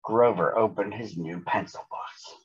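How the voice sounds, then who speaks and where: A man reads a children's storybook aloud, slow and unhurried, in a lowish, husky voice. The recording is dull and lo-fi. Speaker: storybook reader.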